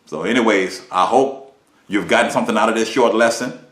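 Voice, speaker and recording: A man's voice: brisk, fairly bright tone. Emphatic preaching man, roomy echo. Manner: emphatic preacher, rhetorical questions, big swings in pitch and volume. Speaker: minister. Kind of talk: preached lesson.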